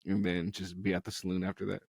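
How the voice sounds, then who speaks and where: Low-voiced man cracking jokes. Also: fast talker, gravelly, slightly rough, no room sound. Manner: relaxed, joking interjections. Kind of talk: casual chat.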